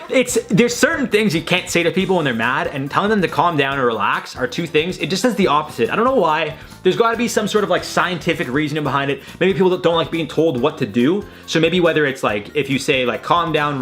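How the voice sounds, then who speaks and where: A young man talks into a desk mic in his room, reacting to tweets with a rambling, joking style. His voice sits a little high and jumps around with lively swings. Some music plays softly underneath. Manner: animated, rambling, swearing, laughing at own jokes. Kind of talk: casual reaction commentary. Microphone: desk mic at his computer.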